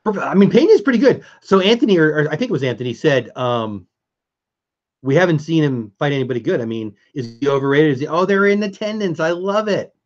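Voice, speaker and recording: A man's voice: on the high side, animated, fast talker, muffled recording. A man hosting a casual live stream, chatting with viewers and answering chat as he goes.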